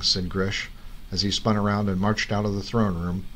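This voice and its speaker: A man reading a scripted fantasy story as a podcast narrator, in a measured storytelling manner. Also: on the low side, flat delivery, a bit bright, a little hiss or hum. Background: music.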